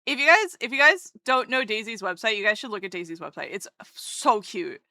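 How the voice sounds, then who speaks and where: Bubbly, bright-voiced woman streamer. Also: medium pitch, a little fast, few pauses, no room sound, clean studio sound. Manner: bubbly, excitable, swears casually. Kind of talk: casual live-stream chat.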